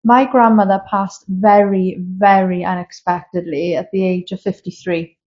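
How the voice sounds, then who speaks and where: A woman in her thirties, a guest medium, talks at normal speed in a medium-pitched, level and slightly mellow voice. She shares candid, emotional personal stories during a casual interview filmed live in a castle room, with a slightly dull lo-fi recording.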